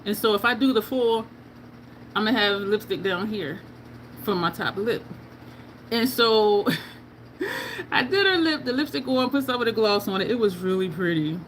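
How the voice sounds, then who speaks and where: A woman's voice: mid-range voice, expressive, moderate pace, long pauses, a little hiss or hum, rough recording. A woman beauty vlogger chatting casually through a makeup tutorial, telling stories and laughing often.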